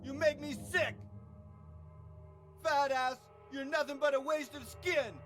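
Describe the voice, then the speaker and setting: A man's voice: very high voice, fairly even intonation, fairly bright tone. An actor playing a resentful heavyset young man in a video game cutscene, bitter and menacing. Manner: resentful, menacing, slow and brooding. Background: game soundtrack music.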